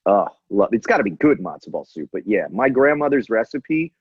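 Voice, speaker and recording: A man's voice: on the low side, very animated, brisk, slightly rough, dry recording, highs cut off. A man co-hosting a comedy podcast, chatting casually with playful, rambling jabs. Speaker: podcast co-host.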